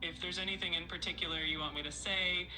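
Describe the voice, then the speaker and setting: A synthetic AI assistant voice of a woman, speaking in a calm, polite and cheerful way. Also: fairly low pitch, quick pace, low-quality recording.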